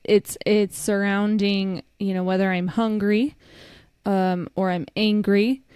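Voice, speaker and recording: A woman's voice: mid-range voice, steady tone, takes it slowly, a little mellow, clear, resonant tone, dry recording. A young woman co-hosting a podcast in candid, casual chat, swearing freely and laughing often. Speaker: podcast co-host.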